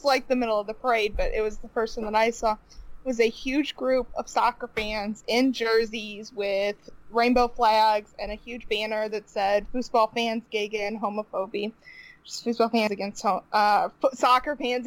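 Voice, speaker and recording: A woman's voice: fairly high pitch, dry recording, poor audio. Emotional woman telling a personal story. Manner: emotional, halting, laughs often. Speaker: podcast guest.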